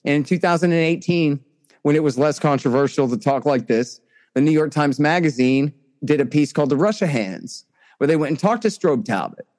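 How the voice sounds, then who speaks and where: A man giving conversational political commentary as an interview guest, emphatic and restarting often, his pitch climbing sharply when he gets indignant. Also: brisk, darkish tone.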